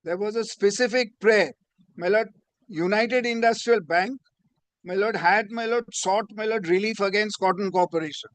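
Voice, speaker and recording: High-voiced advocate. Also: male voice, normal speed, fairly bright tone, no echo. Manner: deferential, peppers every phrase with "my lord". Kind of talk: formal courtroom argument. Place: courtroom.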